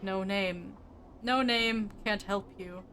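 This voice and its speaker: A woman voicing an eerie male name-keeper in a game, speaking in a halting sing-song. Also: mid-range voice, fairly even intonation, a bit bright, a little hiss or hum.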